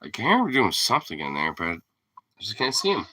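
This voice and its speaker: A man's voice: on the low side, huge pitch swings, fast talker, sharp tone, slight background noise, poor audio. A man ranting casually as a vlogger, rambling and profane, often laughing at his own points. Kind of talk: casual rant to camera.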